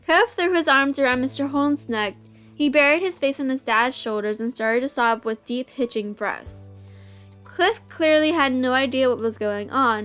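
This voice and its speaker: A woman's voice: high voice, fairly bright tone. A woman host reading a visual novel aloud, breaking off into giggly, gushing asides.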